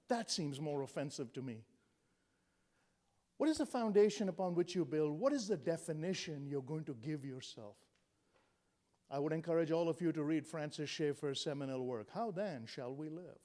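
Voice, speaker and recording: High-voiced man in his sixties, punchy speaker. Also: expressive, normal speed, warm tone. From India. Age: 60s. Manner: punchy, joking, rhetorical questions. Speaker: motivational speaker. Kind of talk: humorous motivational speech.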